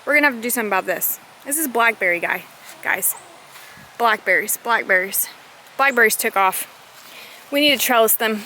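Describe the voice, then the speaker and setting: A woman, chatting excitedly as she walks her garden for a homesteading vlog, gasping at her finds. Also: a little high, a little fast, pauses often, a little hiss or hum, rough recording. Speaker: homesteading vlogger. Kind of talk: casual walk-and-talk vlog. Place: outdoors in a rural garden. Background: outdoor ambience, rustling leaves, animals.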